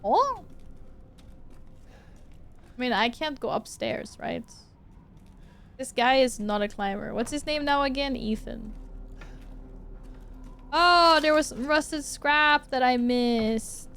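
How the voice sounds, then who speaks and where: High-voiced woman streaming a game. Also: slow pace, gravelly, pauses often, slight background noise. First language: Swedish. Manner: swears and exclaims loudly at the game, chats with viewers. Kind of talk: live gameplay commentary.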